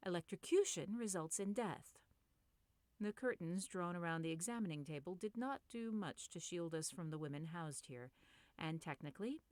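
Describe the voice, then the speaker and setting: Brief: female audiobook narrator, measured read, dead-dry booth. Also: mid-range voice, darkish tone, dry recording.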